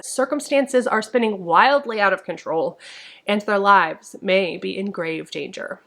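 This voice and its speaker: A woman at an ordinary, mid-range pitch talks through upcoming book releases. She reads each blurb with dramatic flair, then drops into quick, chatty asides of her own. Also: creaky, a bit bright. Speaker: book reviewer. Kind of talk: casual book talk reading blurbs aloud.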